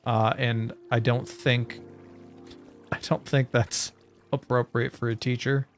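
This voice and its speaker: A man chatting casually with his viewers while he plays, rambling from one joke to the next. His voice sits at an average pitch, and faint game music plays quietly behind him. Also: flat delivery, takes it slowly. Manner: rambling and joking, talking to chat. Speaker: streamer.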